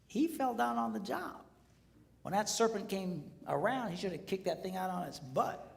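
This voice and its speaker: A man with a bright, somewhat high, gravelly voice delivers a relationship seminar to a live crowd. He swings between hushed whispers and shouted peaks. The sound carries a long reverb from a large auditorium. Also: lively intonation, normal speed. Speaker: seminar speaker. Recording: echoey hall.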